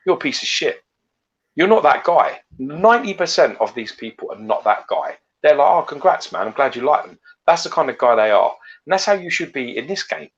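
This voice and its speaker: A man co-hosting a podcast in casual chat, blunt and ranting with plenty of swearing. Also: mid-range voice. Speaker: podcast co-host. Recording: slightly dull lo-fi audio.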